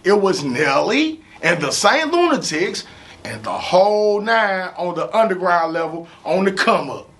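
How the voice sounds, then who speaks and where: A man from St. with a gravelly voice, telling stories in a casual interview, animated and profane, often saying "you know what I'm saying.". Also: high-pitched, a little slow. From St. Louis, USA. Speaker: rapper interview guest.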